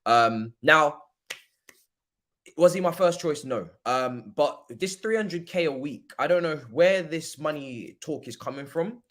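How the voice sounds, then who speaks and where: Young man, high voice, bright tone, casual slangy livestream chat, animated football host. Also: unhurried. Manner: animated, slangy, rants and shouts in mock outrage; laid-back football opinions. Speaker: host of a football watchalong stream.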